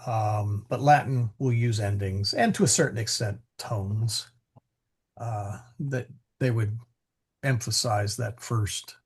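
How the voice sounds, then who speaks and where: A man's voice: lowish voice, takes it slowly, husky. A man teaching a Latin class, explaining grammar as he thinks aloud, with many fillers and restarts.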